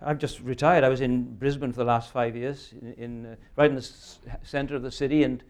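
A man's voice: medium pitch, fairly even intonation, a little fast, a little mellow, smooth. A man in his sixties preaching a sermon, earnest and emphatic, often ending points with rhetorical questions. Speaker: pastor.

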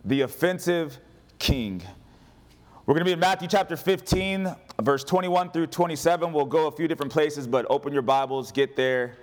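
A man preaching a sermon as pastor, animated and humorous, calling on the congregation to respond. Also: on the high side, moderate pace.

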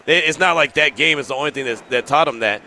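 Bright-voiced male sports radio host. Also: on the high side, fast talker, a little hiss or hum. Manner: earnest, emphatic, reads listener texts. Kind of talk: sports talk commentary.

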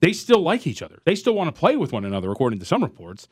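A man co-hosting sports talk radio, arguing his side quickly and thinking out loud. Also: on the high side, slightly rough. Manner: animated, rapid arguing, thinks aloud. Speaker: radio co-host. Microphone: studio microphone.

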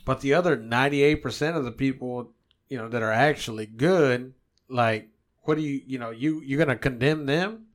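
Animated, foul-mouthed storyteller man. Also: mid-range voice, moderate pace. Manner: animated storytelling, swears a lot. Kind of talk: casual profane chat.

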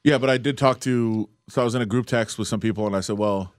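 A male sports reporter talking fast in loose, rambling banter. He laughs often and restarts his sentences mid-thought. The sound is dry and close to the mic. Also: on the low side, dry recording. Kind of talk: casual sports talk banter.

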